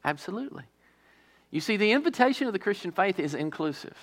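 A male pastor delivers a sermon in a gravelly, somewhat high voice. He presses key words hard, then drops into quieter, slower asides. He often asks his listeners rhetorical questions. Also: big pitch swings.

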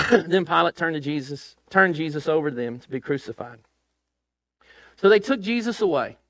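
A man preaching a sermon and reading scripture aloud in church, emphatic and rising to loud questions. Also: on the high side, lively intonation, normal speed, no echo. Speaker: pastor.

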